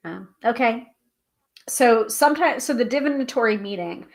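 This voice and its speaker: A woman hosting a live tarot stream, chatting casually and reading aloud from a guidebook, self-deprecating and a little halting over hard names. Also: on the high side, lively intonation. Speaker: tarot reader and livestream host.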